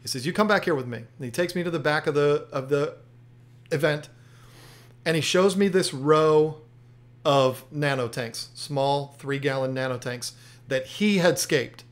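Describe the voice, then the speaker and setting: A man's voice: fairly high pitch, measured pace. A man hosting an aquarium channel, telling a story in casual chat, often restarting and repeating himself.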